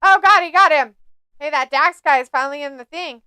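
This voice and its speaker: Woman, snarky live-stream commentary, high voice, dry close sound. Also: a little fast, sharp tone, no room sound. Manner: snarky, jokey, mocking the wrestlers. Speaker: watch-along host.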